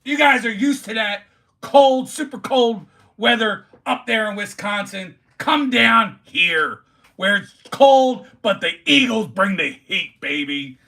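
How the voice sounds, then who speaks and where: A man hosts a casual livestream. His voice is gravelly and bright, pitched fairly high, and he talks slowly. He is a rowdy sports fan who trash-talks the other team. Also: animated. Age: 40s. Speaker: livestream host.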